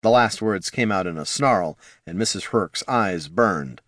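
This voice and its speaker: A man narrating a fantasy story in an expressive storytelling way. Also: deep voice, unhurried, no room sound, clean studio sound. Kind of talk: audiobook narration.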